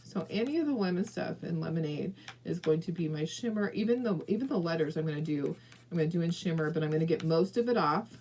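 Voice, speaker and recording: A woman's voice: on the low side, animated, fast talker, a little mellow, slight background noise, poor audio. A woman from southern California hosting a casual crafting livestream, chatty and encouraging, talking straight to viewers and laughing often. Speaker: craft video host.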